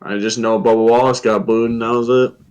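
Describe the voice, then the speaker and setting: A man's voice: medium pitch, brisk, clear, resonant tone, highs cut off. Casual man recounting a race trip. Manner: relaxed storytelling with fillers and quoted asides. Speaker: podcast guest. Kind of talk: casual podcast chat.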